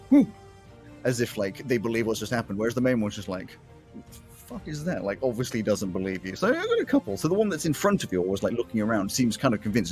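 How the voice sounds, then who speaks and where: A man narrating as game master of a tabletop game, describing action in quick, laughing bursts. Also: on the low side, a little mellow. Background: faint fight music.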